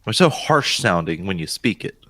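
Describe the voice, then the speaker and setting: Man, 30s, from north carolina, lively swooping pitch, profane chat, dry close mic. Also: moderate pace, dry recording. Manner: lively and profane, bursting into high-pitched exclamations. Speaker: podcast co-host. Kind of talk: casual chat.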